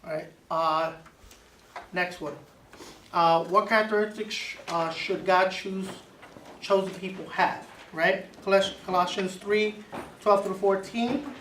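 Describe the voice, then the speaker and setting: High-voiced man teaching a Bible class. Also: fairly even intonation, measured pace, fairly bright tone, reverberant, distant mic, slight background noise, rough recording. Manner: emphatic, repeats key words.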